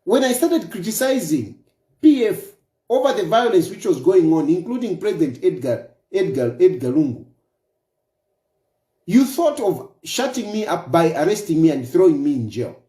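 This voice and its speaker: A Zambian-accented man delivering an opinion monologue with a warm, mellow tone. His pitch swings widely as he presses his points again and again with rhetorical questions. The sound carries a noticeable room echo. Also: very animated, normal speed. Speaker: political commentator.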